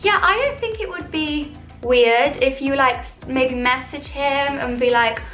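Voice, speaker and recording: Her voice is high and a little bright, and she takes her time. She's a young British woman on her vlog, responding to viewers' confessions in a chatty, bubbly, self-mocking way, recorded in an echoey room with soft music playing.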